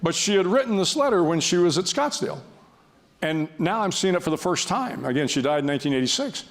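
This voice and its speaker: A man's voice: sits high, sing-song, fast talker. Older man telling a wry story. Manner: wry, self-deprecating storytelling with frequent restarts. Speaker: guest speaker. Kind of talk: storytelling talk before an audience.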